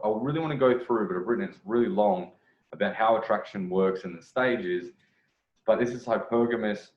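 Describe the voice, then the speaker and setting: A man commenting on a video clip as a dating coach, rambling, correcting himself and repeating phrases. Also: lowish voice. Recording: echoey room, dull lo-fi sound.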